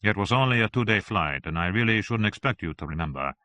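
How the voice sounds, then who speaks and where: A man's voice: on the low side, expressive, fast talker, bright, forceful tone, no room sound. A man narrating an audiobook, voicing a polite, disarming man with a slight Italian accent. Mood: courteous. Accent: slight Italian, as played.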